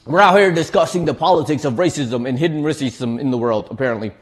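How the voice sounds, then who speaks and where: A man's voice: fairly high pitch, fast. A man, chatting casually on a cooking livestream, laughing often and restarting his words as he reads chat. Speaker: streamer reading chat.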